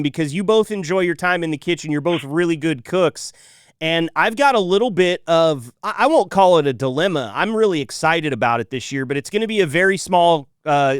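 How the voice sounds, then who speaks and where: A man's voice: a little high, clean tone, dry recording, clean studio sound. A man hosting a podcast in casual chat, joking and thinking aloud with many restarts. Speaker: podcast host.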